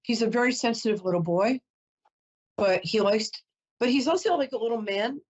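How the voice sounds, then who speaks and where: A woman's voice: a little high, moderate pace, breathy edge, highs cut off. A woman psychic host doing a reading for a caller, chatty, emotional and apologetic, often close to tears.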